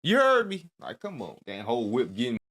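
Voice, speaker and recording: A man's voice: mid-range voice, huge pitch swings, brisk, fairly bright tone. A man hosting a reaction video, chatting casually in heavy slang with bursts of disbelief.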